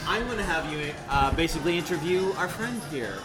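A man's voice: a little high, lively intonation, brisk, music in the background. Teasing man hosting a dinner chat. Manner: teasing, playful. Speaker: host. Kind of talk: casual interview at dinner. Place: restaurant at a dinner table.

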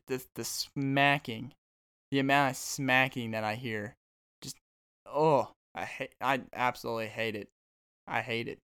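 Rambling, smooth-voiced comic man. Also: medium pitch, fairly bright tone. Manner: rambling, joking, addresses listeners directly. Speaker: podcast host and stand-up comedian. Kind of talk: casual comedic monologue.

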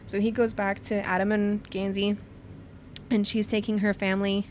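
A woman's voice: medium pitch, level tone, moderate pace, a little hiss or hum. Chatty young woman retelling a book. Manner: chatty, laughing, heavy use of "like", acts out characters' lines loosely. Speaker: podcast host retelling a book. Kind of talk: casual book recap chat.

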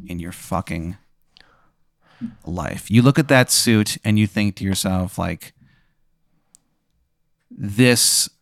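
A man hosting a comedy podcast, telling a profane hypothetical in a deadpan way, often dropping to a low murmur. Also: no echo, studio quality. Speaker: podcast host posing a hypothetical. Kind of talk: casual comedic storytelling.

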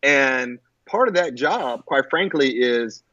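A man telling a personal story in a halting way, with many fillers and restarts, on a muffled lo-fi recording. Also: mid-range voice, expressive, pushed and bright, no echo. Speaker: guest. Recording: muffled lo-fi audio.

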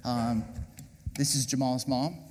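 Slow, halting pastor in a church hall. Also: male voice, medium pitch, fairly even intonation, very noisy. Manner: halting, gentle, many fillers. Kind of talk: on-stage interview during a sermon. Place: large church auditorium with congregation. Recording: reverberant church hall with audience.

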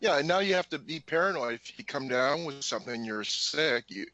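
A man on a casual political talk panel, telling jokey, animated asides. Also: medium pitch, fairly quick, dry recording. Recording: dull lo-fi audio.

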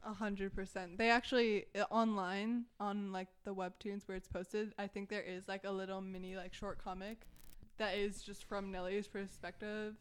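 Young woman, podcast guest, bubbly, chatty, mid pitch. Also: level tone, moderate pace, clean tone. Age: young adult. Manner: bubbly, laughs often, says "like" a lot. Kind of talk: casual chat.

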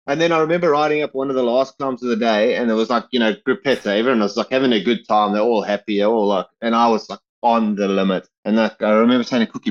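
Man guest, quick rambling yarns, slightly muffled lo-fi sound. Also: medium pitch, fairly even intonation. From South Africa. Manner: rambling, many fillers and restarts. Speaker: guest, retiring pro cyclist. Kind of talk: casual storytelling interview.

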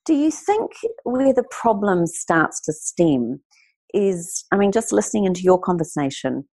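A woman's voice: fairly low pitch, big pitch swings, unhurried, darkish tone. A woman hosting a podcast who asks questions and gives thanks as an appreciative interviewer. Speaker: podcast host. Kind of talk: interview talk.

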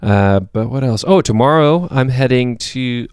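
A man's voice: mid-range voice, animated, measured pace, darkish tone, clean tone, no echo, clean studio sound. A young man co-hosting a podcast, chatting casually in a rambling way, with frequent laughs and restarts. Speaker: podcast co-host. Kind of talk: casual chat.

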